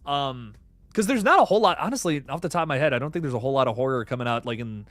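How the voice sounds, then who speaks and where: Excitable rambling man on a dry mic. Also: medium pitch, very fast, dry recording. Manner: rambling, excitable, many fillers and restarts. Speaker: horror news streamer. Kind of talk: casual live stream chat.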